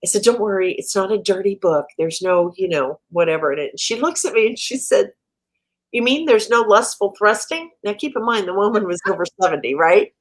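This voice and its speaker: Lively storytelling woman, animated pitch. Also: quick pace, few pauses. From American Midwest. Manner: animated, laughs often, funny anecdotes. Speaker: guest author. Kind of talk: casual storytelling interview.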